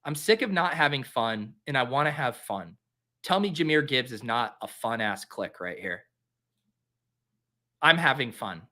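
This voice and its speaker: Guy hosting a fantasy football stream, bright tone, chatty and self-mocking, average pitch. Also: lively intonation, unhurried. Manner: rambling, self-mocking, talks to viewers. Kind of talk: casual live drafting commentary.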